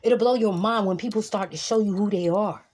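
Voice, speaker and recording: Woman vlogger, husky voice, emphatic and profane, sermon-like repetition. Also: medium pitch, a little fast, a little mellow. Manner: repeats lines for emphasis. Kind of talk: motivational monologue to camera.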